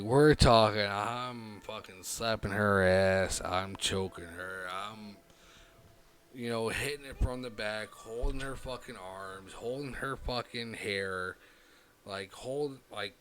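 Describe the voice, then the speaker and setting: A man hosting a livestream, telling a long personal anecdote in a loose, profane, rambling way full of fillers, dropping quiet then getting loud. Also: on the low side. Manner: animated, swings between hushed and loud. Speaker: livestream host. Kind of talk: casual livestream storytelling.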